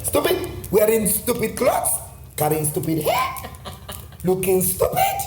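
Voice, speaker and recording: A man putting on a Nigerian accent to play a scolding Nigerian mother, shrill and mocking, repeating her insults. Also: huge pitch swings, unhurried, roomy sound, heavily acted, rough recording. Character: scolding Nigerian mother, middle-aged woman, exasperated.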